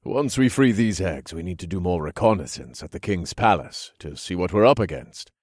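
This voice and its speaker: Man, very low voice, calm audiobook narration, dry booth sound, close mic. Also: moderate pace, dry recording. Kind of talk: first-person fantasy audiobook narration.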